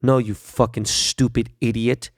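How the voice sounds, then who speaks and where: A man's voice: mid-range voice, little pitch movement, unhurried, dry recording, clean studio sound. A middle-aged man hosting a podcast, delivering a blunt, profane, heated solo rant. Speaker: podcast host. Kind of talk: ranting solo podcast monologue.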